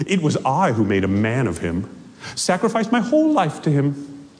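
A man's voice: mid-range voice, huge pitch swings, normal speed, darkish tone, pitched below the performer's own voice. A man voicing a bitter, possessive woman ghost, ranting and demanding, in a reverberant hall. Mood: indignant rant.

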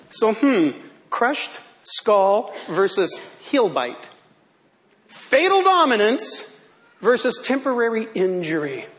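A man's voice: high voice, a bit bright. A male pastor delivering a sermon in a church, playful and theatrical, often laughing.

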